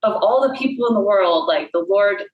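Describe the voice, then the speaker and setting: A woman's voice: medium pitch, lively intonation, normal speed, reverberant, lo-fi sound. A woman telling a personal faith story in a casual way, full of fillers and "like". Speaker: guest.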